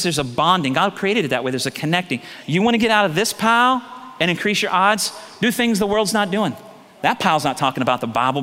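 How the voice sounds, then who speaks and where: Bright-voiced man preaching in a reverberant hall. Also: on the high side. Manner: lively, joking, with asides to the congregation. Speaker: pastor. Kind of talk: sermon.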